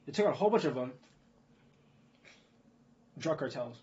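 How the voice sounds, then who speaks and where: Male vlogger, mid-pitched, swearing, rambling rant with rhetorical questions; slightly muffled lo-fi recording. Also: animated, moderate pace, dark tone. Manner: profane, repetitive, rhetorical "guess what" questions. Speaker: video blogger. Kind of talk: ranting commentary on news.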